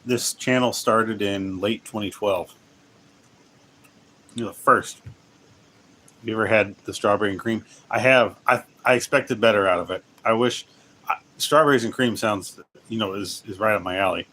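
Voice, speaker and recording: Male streamer, lowish voice, rambling casual chat, faint hiss behind. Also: moderate pace, pauses often, a bit bright. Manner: rambling, self-interrupting, laughs often. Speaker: livestream host. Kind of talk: casual livestream chat while gaming.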